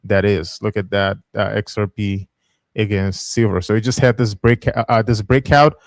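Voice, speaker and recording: A man's voice: fairly low pitch, steady tone, normal speed, dry recording. Man, livestream host, casual chart commentary, chatty, laughs easily, dry close recording.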